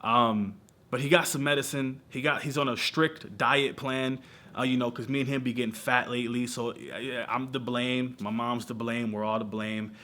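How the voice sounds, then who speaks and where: A young man in his twenties telling his news in a casual vlog, animated and emotional, peppering his talk with slang. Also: mid-range voice, moderate pace, slight background noise. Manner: animated, emotional storytelling with slang like bro and y'all. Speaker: vlogger. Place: lives in Southern California.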